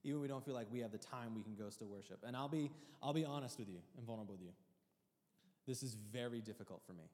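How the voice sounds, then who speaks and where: A male pastor delivers a sermon with earnest, emotional conviction. He drops to a near-hush, then climbs high and loud. His voice sits at a middle pitch and rings in a hall with a long reverb. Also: fast talker.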